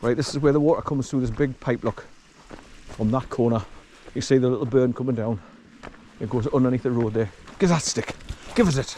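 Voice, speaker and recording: A man's voice: medium pitch, steady tone, a little fast, dark tone, slight background noise. A man rambling chattily to the viewer as he walks a rural forest track outdoors. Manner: rambling, chatty, talks to the viewer while walking. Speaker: walker filming his hike. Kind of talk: casual walking narration.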